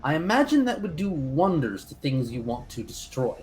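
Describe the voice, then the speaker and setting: A man playing a tabletop role-playing game, playful and animated. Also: a little high, normal speed. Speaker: player. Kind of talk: tabletop role-play chat.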